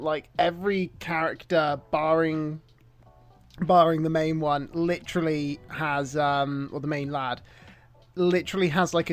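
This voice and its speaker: A man co-hosting a podcast in casual chat, animated and laughing, swearing freely. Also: fairly high pitch. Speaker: podcast co-host.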